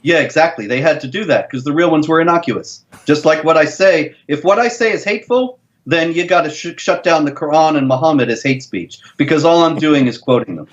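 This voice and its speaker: Measured male guest on a dull line. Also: on the high side. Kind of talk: interview answers.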